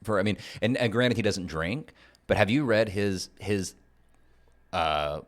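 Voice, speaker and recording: A man from North Carolina co-hosting a casual political podcast, talking in an animated way and often restarting his sentences. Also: fairly low pitch, a little slow. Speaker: podcast co-host.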